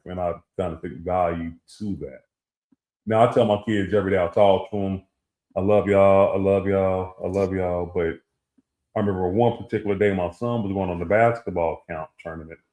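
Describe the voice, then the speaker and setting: A middle-aged man co-hosts a casual talk show, telling a personal story and acting out the voices of the people he quotes. His voice is lowish and warm, and the room is echoey.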